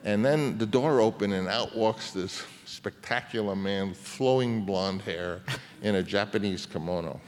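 A man in his seventies tells a long anecdote as a guest on stage, rambling and restarting as he goes. His voice sits fairly low and trails into the long reverb of a hall. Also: a little slow. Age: 70s. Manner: rambling, with many restarts and fillers. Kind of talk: anecdotal storytelling in a public conversation.

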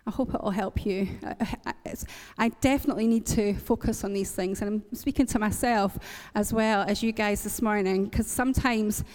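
A woman's voice: mid-range voice, fairly even intonation, normal speed, hardly any pauses, a little mellow, in a large hall. A woman from Northern Ireland preaching a sermon, earnest and encouraging, repeating lines for emphasis. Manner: earnest, encouraging, with light laughs and repetition for emphasis.

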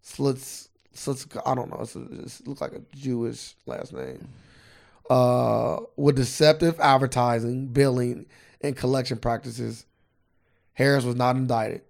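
A man's voice: medium pitch, steady tone, a little slow, vocal fry. A man co-hosting a podcast, chatting casually and profanely and reading a news article aloud. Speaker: podcast co-host.

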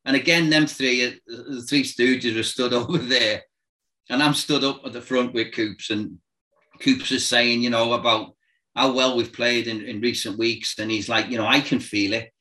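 Animated man with a bright, forceful voice. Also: mid-range voice, normal speed, low-quality recording. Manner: animated anecdotes, acts out voices and sounds, laughs often. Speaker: former football manager. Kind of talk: casual storytelling chat.

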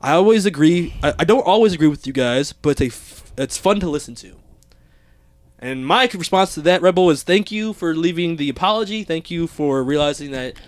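A man's voice: on the high side, expressive, brisk, no echo. A man hosting a podcast, chatting casually, reading listener reviews aloud and laughing often. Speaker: podcast host.

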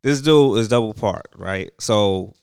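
Young guy hosting a podcast, kinda low voice, rambling slangy chat. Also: measured pace, vocal fry, a little mellow, clean tone, dry recording, studio quality. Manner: loose storytelling full of slang and fillers. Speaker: podcast host. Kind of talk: casual chat.

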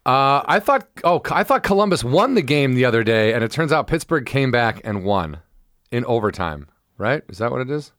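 Excitable rambling man, dry close mic. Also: medium pitch, moderate pace, no room sound. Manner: rambling, excitable, bursts into shouted impressions. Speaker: podcast co-host. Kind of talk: casual chat.

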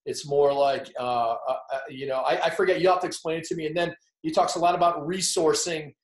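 A man interviewing a guest, his questions long and rambling with many fillers. His voice sits slightly high, and the room echoes around him. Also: fairly even intonation, a little fast.

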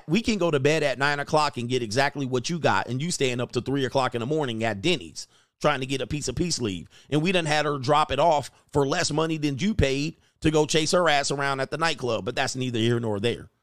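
A middle-aged man talks through his commentary in a loose, slangy, sermon-like way, breaking into laughter now and then. His voice sits at an ordinary pitch. The room sound is dry and close. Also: fairly bright tone, dry recording. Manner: slangy, preachy, laughing asides. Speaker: host. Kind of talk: casual commentary.

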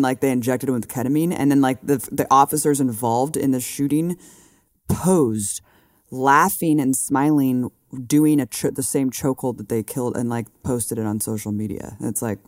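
Podcast dude, casual, keeps saying dude, dry close mic sound. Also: male voice, mid-range voice, moderate pace, darkish tone, no room sound. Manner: reactive, swears in disbelief, says "dude" a lot. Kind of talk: casual conversational podcast chat.

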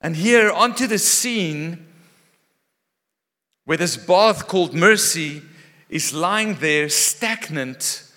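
A man preaching a sermon, moving between raised, animated lines and hushed, quiet ones. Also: fairly high pitch, slow, pauses often. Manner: animated, dramatic shifts between loud and hushed. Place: church hall. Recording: long echo of a large hall.

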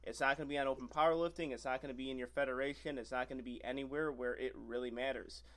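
Earnest man, mid-pitched, podcast host. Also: fairly even intonation, quick pace, a bit bright. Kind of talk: casual podcast chat.

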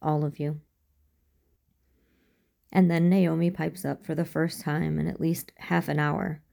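A woman reading a first-person fan fiction story aloud as an audiobook, in a calm and even storytelling manner. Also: low voice, normal speed, vocal fry. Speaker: audiobook reader.

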